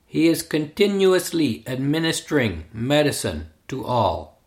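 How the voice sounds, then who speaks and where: Male narrator for a memoir reading; unhurried, deliberate delivery, slightly raised pitch. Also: sing-song. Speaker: reader.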